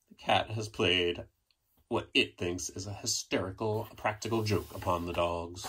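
A man's voice: deep voice, fairly even intonation, measured pace, fairly bright tone, breathy edge. A man hosting a children's storytime, reading aloud playfully with sound effects and prompts for the audience at home. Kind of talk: read-aloud storytime for kids.

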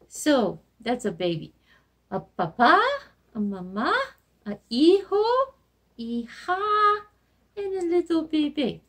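A woman's voice: high voice, big pitch swings, takes it slowly, pauses often, fairly bright tone. A woman teaching a remote Spanish lesson to young children, in a sing-song, encouraging way, repeating words for them to learn.

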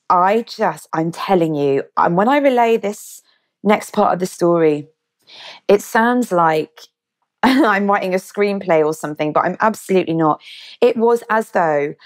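English woman in her thirties, animated storyteller. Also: on the low side. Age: 30s. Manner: animated, vivid retelling with acted quotes. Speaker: guest. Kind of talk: conversational storytelling.

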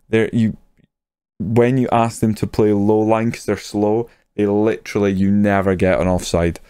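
Commenting casually on his football management game, this young YouTuber has a smooth, lowish voice, with no room sound. He gets worked up whenever there's a goal and swears as the ball goes in.

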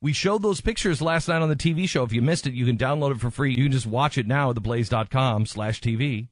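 A man's voice: medium pitch, fast, no echo, studio quality. A man hosting a radio talk show, speaking in an impassioned, emphatic way and often repeating himself for stress.

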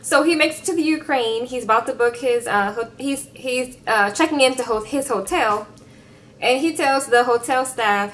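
A woman casually recapping a reality episode, sassy and animated with laughing asides. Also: a little high, normal speed, a little hiss or hum.

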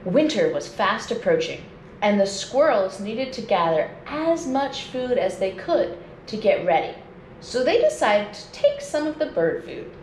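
A woman nature educator reading a children's storybook aloud at home, in a slow and expressive read-aloud manner. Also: medium pitch. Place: indoors at home. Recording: echoey room with faint noise.

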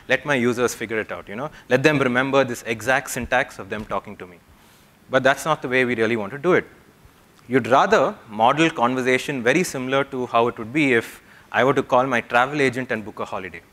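A young man giving a conference talk, explaining patiently and often checking in with the audience with a quick "yeah?". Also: mid-range voice, a bit bright. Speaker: conference speaker. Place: conference hall.

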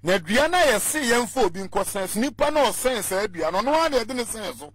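A man's voice: high-pitched, very animated, fairly quick, a bit bright, breathy edge, no echo. A Ghanaian man speaking as a guest on a radio talk show, arguing his political point with passion and mixing Twi with English.

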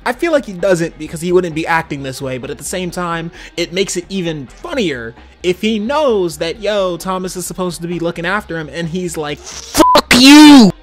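A man's voice: high-pitched, expressive, a little fast, hardly any pauses. A young man giving casual, slangy commentary on a cartoon episode, laughing often. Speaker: video commentator.

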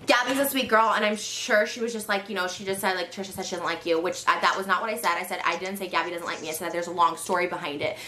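Thirty-something woman going off fast, kinda high voice, echoey room. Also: slight background noise. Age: 30s. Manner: animated, exasperated, fast venting. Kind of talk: emotional rant.

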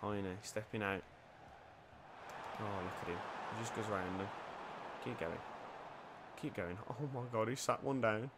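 A young man commentating his own football video game, muttering play-by-play then bursting into loud shouts and cheeky banter. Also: on the low side, a little slow, pauses often, heavy background noise. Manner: swings from quiet mutters to shouting, swears, banters. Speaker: gaming YouTuber.

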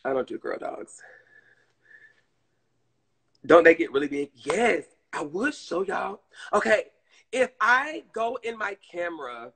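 A man's voice: a little high, creaky, pushed and bright, breathy edge, rough recording. A man with a Southern US accent chatting casually on a live stream, addressing viewers and reading chat. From Southern United States.

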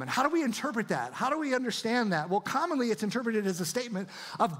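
A man's voice: high-pitched, very animated, fast talker, hardly any pauses, a bit bright. A man preaching a sermon in an earnest style, often repeating and restarting words as he builds to emphatic declarations. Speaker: pastor.

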